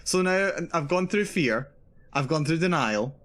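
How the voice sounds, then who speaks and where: A man's voice: fairly high pitch, expressive, unhurried, fairly bright tone. A male streamer giving live commentary on a horror game, nervous and repeating himself as he narrates his own fear. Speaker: VTuber streamer.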